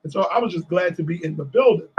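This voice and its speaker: Animated male guest from D.C., high and husky, acts out every quote. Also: quick pace, dull audio. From Washington, D.C. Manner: animated storyteller acting out quotes. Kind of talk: storytelling in a casual interview.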